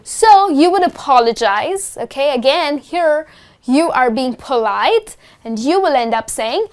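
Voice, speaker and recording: A woman's voice: high voice, lively intonation, a little slow. A woman teaching phrases in an online lesson, speaking. She explains patiently and often checks in with "okay?". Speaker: English teacher.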